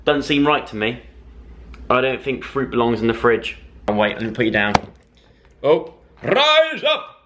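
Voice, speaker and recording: A young man in his twenties vlogging as he cooks in his home kitchen, talking to the camera in a rambling, self-mocking, excitable way. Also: mid-range voice, brisk, background noise. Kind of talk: casual chatty cooking vlog. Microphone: camera mic, talking to camera.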